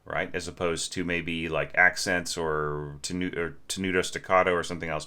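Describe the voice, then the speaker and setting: Brief: middle-aged male orchestration teacher, deep and bright voice, hums passages while critiquing. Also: fairly even intonation, moderate pace, clear, resonant tone. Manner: sings phrases to illustrate, thinks aloud with restarts. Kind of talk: spoken critique of a score.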